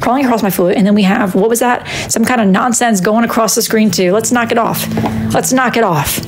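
A woman's voice: a little high, a little fast. A woman chatting casually on a live stream while she draws, scolding her chat and kicking people out. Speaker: wood-burning artist streaming live. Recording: music playing behind the voice.

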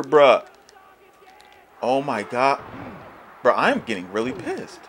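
A man's voice: medium pitch, huge pitch swings, slow pace, pauses often, slight background noise. A young man giving profane, frustrated let's-play commentary on a wrestling video game, ranting and swearing as he plays. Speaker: gaming YouTuber.

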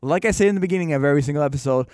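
Male podcast host, upbeat and effusive, clear slightly high voice, dry sound. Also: racing, a little mellow, no room sound. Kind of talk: casual podcast outro.

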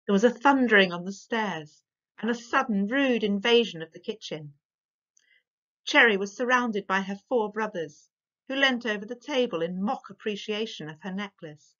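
A woman reading a storybook aloud as storyteller, measured and expressive. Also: medium pitch. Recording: dull lo-fi recording.

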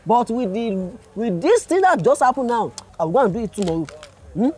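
A man's voice: very high-pitched, sing-song, brisk, a little mellow, husky, heavily acted. An actor with a Nigerian accent playing an older man motorist who stammers and pleads with a police officer in a comedy skit. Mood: pleading.

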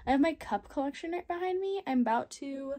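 A woman's voice: high-pitched, expressive, a little fast, dark tone. A twenty-year-old woman from southeastern Michigan talking casually to camera in a vlog, chatty and rambling with lots of "like" and "um". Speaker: vlogger.

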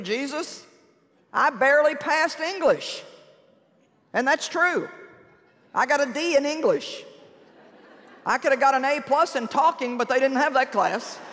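A woman preacher giving a sermon in an animated, humorous and emphatic way in a large church. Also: sits high, in a large hall.

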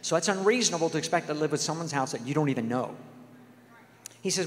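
A man's voice: a little high, animated, quick pace, pauses often. A man preaching a sermon, telling stories earnestly and acting out the dialogue. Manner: earnest storytelling, acts out quoted dialogue. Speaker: guest speaker. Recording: long hall reverb.

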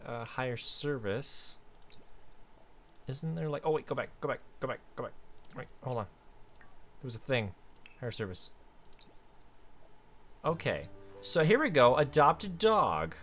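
A man hosting a casual let's-play, chatting through his game and now and then bursting into excited high squeals. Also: a little slow, pauses often, slight background noise. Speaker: gaming video host.

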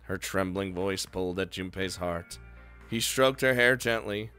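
A man's voice: deep voice, unhurried, sharp tone, soft background music. Young man reading a game aloud, joking. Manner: joking, swears, laughs between lines. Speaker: let's play player.

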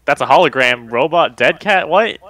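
A man in a group reaction chat, making quick joking remarks. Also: a little high, animated, fairly bright tone.

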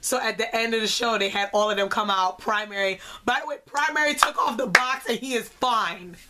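A young woman vlogger giving an excitable, chatty concert review, full of "like". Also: a little high, a little fast, slight background noise. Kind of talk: casual concert review vlog.

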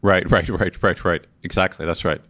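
A man's voice: low voice, steady tone, brisk, a bit bright. An American man hosting a podcast, acting as an eager and agreeable learner in a casual lesson. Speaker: podcast host and language learner.

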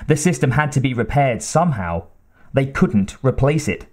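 Scripted audiobook narration from a man with a mid-range voice, delivered in an even, measured reading style.

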